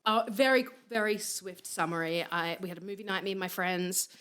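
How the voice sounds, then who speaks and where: On a laid-back podcast, a woman guest tells stories in a fairly low, brisk voice with a clear, resonant tone. She animatedly acts out the people she quotes, breaking into bursts of laughter.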